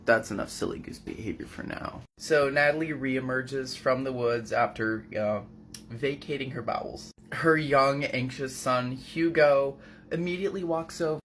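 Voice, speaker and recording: A man's voice: mid-range voice, normal speed, a bit bright, a little hiss or hum. A man casually recapping a book at home, chatty and full of fillers. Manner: chatty, filler-heavy, shifting volume. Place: apartment.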